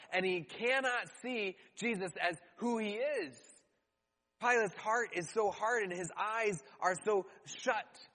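A man's voice: high voice, sharp tone. A male pastor, preaching a conversational sermon to his congregation and acting out mocking quotes. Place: church hall. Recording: long hall reverb.

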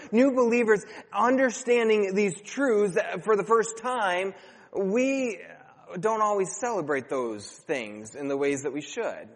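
A man in his thirties preaching a sermon as a pastor, telling a story in a chatty, animated way. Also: high-pitched. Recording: long hall reverb.

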